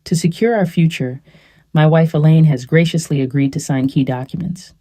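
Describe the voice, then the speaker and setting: A woman voicing a smooth, persuasive male executive husband who schemes against his wife, in a calm storybook reading. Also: low voice, normal speed, no room sound. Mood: showy.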